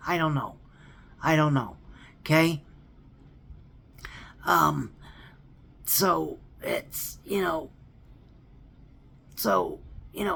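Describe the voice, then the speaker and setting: Man, casual rant, slow, stammering, repeats himself, emphatic, earnest. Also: a little high, fairly bright tone. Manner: stammering, repeats words, keeps asking "okay?". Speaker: theme park fan vlogger. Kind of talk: ranting casual monologue.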